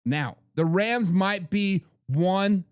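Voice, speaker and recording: A man's voice: high voice, drawn-out words, smooth. A man hosting a sports talk show, making hyped, trash-talking predictions and repeating lines for emphasis. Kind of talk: animated sports predictions monologue.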